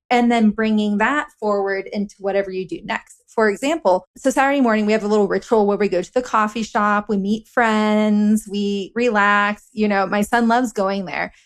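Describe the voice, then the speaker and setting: A woman in her thirties, a parenting author, talks as a podcast guest and tells everyday stories about her toddler, quoting what she said to him. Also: mid-range voice. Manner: warm practical storytelling with quoted dialogue. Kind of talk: casual conversational podcast chat.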